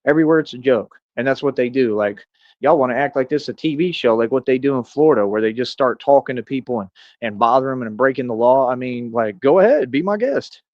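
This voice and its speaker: A man's voice: medium pitch, expressive, quick pace, no echo. Man, 30s, streamer, combative bragging rant, dull lo-fi dry audio. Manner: boastful, confrontational ranting. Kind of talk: rambling livestream monologue.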